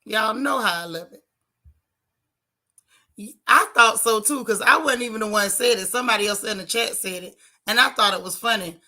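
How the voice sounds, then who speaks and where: Bright-voiced chatty woman streamer. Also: a little high, normal speed, long pauses. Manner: chatty, teasing, dramatic exclamations. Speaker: vlog host reading chat. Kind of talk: casual livestream chat.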